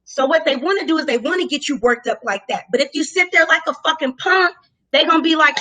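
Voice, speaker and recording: A woman with a high, piercing voice tells a story in casual conversation. She is animated and profane, and she acts out her own lines loudly. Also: fast, rough recording. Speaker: guest telling a story.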